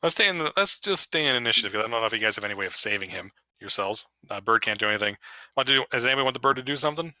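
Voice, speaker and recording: A man running a tabletop role-playing game over voice chat, casually narrating and voicing giants in a slower, lower voice. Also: expressive, bright, forceful tone, no echo. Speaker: dungeon master. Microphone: headset or desk mic on voice chat.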